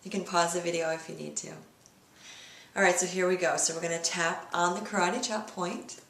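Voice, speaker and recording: A woman leading a guided tapping lesson, speaking slow repeat-after-me phrases as a coach. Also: fairly low pitch, fairly even intonation, creaky, fairly bright tone, echoey room.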